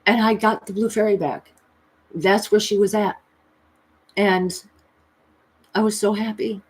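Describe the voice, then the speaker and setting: A woman in her thirties telling a personal story in a confessional vlog, emotional and earnest, with pitch jumping high as she recalls pleading. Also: steady tone, unhurried, darkish tone. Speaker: tarot reader and vlogger.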